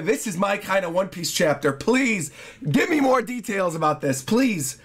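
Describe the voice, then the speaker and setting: A man reacting to a manga chapter as a YouTuber, reading panels aloud between excited outbursts, often shouting and laughing. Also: high-pitched, normal speed, breathy edge.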